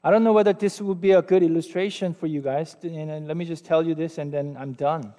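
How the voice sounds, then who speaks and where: A pastor in his forties with a Korean accent preaches conversationally, poking fun at himself and putting questions to his listeners. His voice is fairly high, mellow, and fairly even, delivered briskly, and the recording carries long hall reverb.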